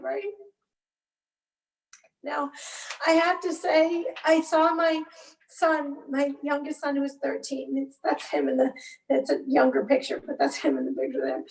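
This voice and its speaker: A woman in her forties telling her own story as an interview guest, emotionally charged and halting, with bursts of anger. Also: high-pitched, vocal fry. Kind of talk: personal account in a podcast interview. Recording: roomy, distant mic.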